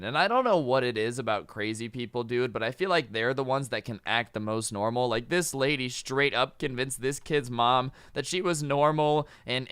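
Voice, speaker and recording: A man's voice: medium pitch, fairly bright tone, smooth, no room sound. A young man telling a story casually and chattily, saying "dude" a lot and acting out the quotes. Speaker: storytime youtuber.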